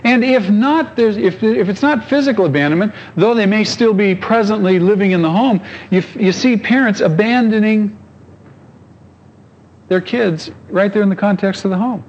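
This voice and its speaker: A man's voice: high voice, normal speed, darkish tone, dull audio. A pastor preaching a conversational sermon, asking his congregation questions and telling stories.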